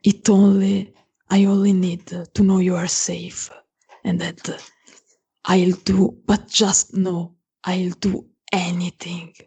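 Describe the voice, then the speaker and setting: A woman in whispered role-play as a fiercely protective female vampire, making halting, earnest vows in a husky whisper. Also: fairly low pitch, level tone, mellow, exaggerated voice. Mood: tender, resolute. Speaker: player.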